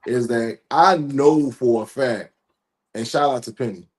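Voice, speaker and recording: A man's voice: mid-range voice, unhurried. A man in his thirties hosting a podcast, talking in a laid-back, slangy, rambling way with many restarts. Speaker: podcast host. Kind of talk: casual chat.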